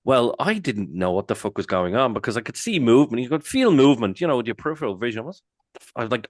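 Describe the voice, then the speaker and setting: A man with an Irish accent, co-hosting a podcast and telling stories in casual chat, animated and swearing freely. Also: medium pitch, quick pace, no echo, studio quality. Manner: animated, swears freely, jumps into loud quoted exclamations. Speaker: podcast co-host.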